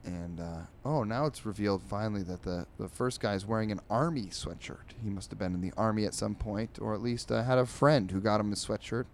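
With slight background noise behind him, a man with a fairly low voice reads comics from the newspaper for his comedy podcast. Quick character voices mix with rambling, sarcastic remarks as he casually comments along.

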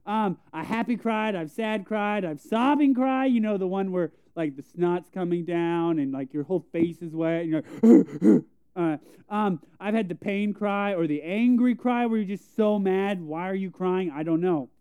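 A man's voice: high-pitched, normal speed, few pauses, darkish tone, smooth, dry recording. A young man preaching a conversational sermon, telling self-deprecating stories and acting out quotes. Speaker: pastor. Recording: tinny phone-like sound.

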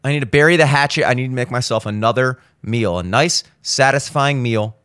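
Hungover young male podcast host, mid-pitch, profane ranter, dry close sound. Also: fairly quick, smooth, no echo. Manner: profane, ranting, swings into loud exasperated outbursts. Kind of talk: casual monologue.

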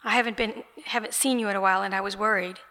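A woman voices a kindly male reverend who pleads gently with a troubled friend. The voice is bright and a little gravelly. It echoes through a large room. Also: mid-range voice, fairly even intonation, fast. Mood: concerned.

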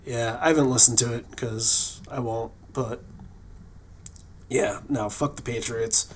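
In loose, casual podcast talk, a New England-based co-host keeps restarting and using fillers. His medium voice has fairly even intonation and a slightly slow pace, with a little hiss or hum on the recording.

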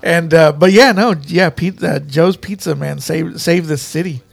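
High-voiced rambling man telling stories. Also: a little slow, creaky. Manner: rambling storyteller, swears freely. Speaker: podcast host. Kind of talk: casual chat.

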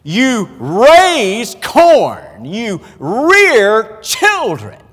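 A man putting on a stern, mean female college speech teacher who scolds slowly and loudly. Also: very high voice, wildly swooping pitch, long reverb tail, pitched above the performer's own voice, exaggerated voice. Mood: indignant. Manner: scolding, slow, shouted.

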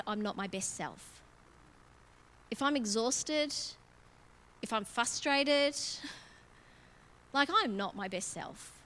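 A middle-aged woman giving a casual, expressive sermon and reading scripture aloud. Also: fairly high pitch. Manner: chatty and expressive, building emphasis as she goes. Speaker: church speaker. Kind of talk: conversational sermon with Bible reading.

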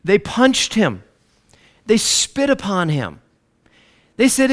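A man preaching a sermon, swinging between loud declarations and low, hushed lines. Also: huge pitch swings, slow pace.

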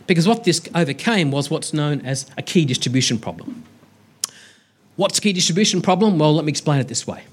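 Lively, humorous male lecturer. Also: on the high side, fairly quick, husky. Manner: lively, humorous storyteller, self-deprecating asides. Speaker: university lecturer giving a public science talk. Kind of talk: storytelling public lecture.

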